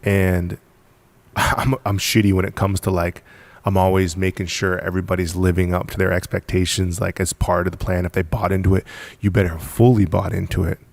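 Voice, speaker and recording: A man's voice: low voice, flat delivery, brisk, gravelly, no room sound. A man telling a guest's story about starting his business, emphatic and repetitive, with frequent laughs. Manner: emphatic, repeats words, laughs often. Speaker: podcast guest, business founder. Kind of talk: casual storytelling.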